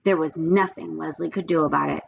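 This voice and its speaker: A woman's voice: sits low, steady tone, brisk, creaky. A woman reading a children's book aloud in a friendly storytelling manner, like a teacher talking to her class. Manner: friendly storytelling, addresses listeners as guys. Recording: dull lo-fi sound with faint noise.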